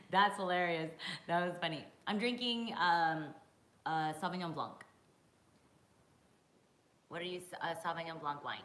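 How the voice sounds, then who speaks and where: Low-voiced woman chatting on a live stream. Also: fairly bright tone, reverberant, poor audio. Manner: chatty, swears freely, reacts to viewer comments. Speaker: podcast host reading live chat. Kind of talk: casual live-stream chat. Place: home, drinking wine on a live stream.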